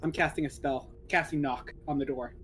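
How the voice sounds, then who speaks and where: A man's voice: fairly high pitch, steady tone, a little fast, fairly bright tone, slight background noise, low-quality recording. A man playing a tabletop game, casually and eagerly announcing what his character does. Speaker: player.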